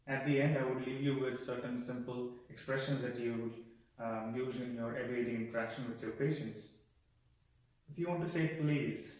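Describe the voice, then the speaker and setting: A man teaching simple phrases to healthcare workers, patiently repeating words slowly for practice. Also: mid-range voice, fairly even intonation, a little mellow. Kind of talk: explanatory lesson with slow repeated drills. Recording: echoey room, voice far from mic.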